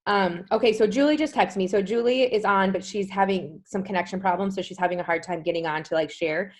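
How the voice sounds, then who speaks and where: A woman's voice: mid-range voice, brisk, slight background noise. A woman in her thirties hosting a group video call, recapping a weekend event in a chatty, enthusiastic way with lots of "like.". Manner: chatty, says "like" often, warm enthusiasm. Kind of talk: casual recap talk.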